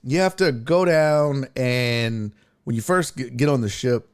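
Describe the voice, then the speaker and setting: A man hosting a stream, telling stories in casual chat with profanity and big, lively swings in his voice. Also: a little slow, clear, resonant tone. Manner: animated, profane storytelling with big pitch jumps. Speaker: streamer host.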